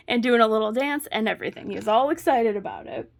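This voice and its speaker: A woman's voice: fairly high pitch, fast talker, few pauses. A woman vlogger chatting casually while she crafts at home, telling a story with frequent laughs. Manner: chatty storyteller, laughs often mid-sentence.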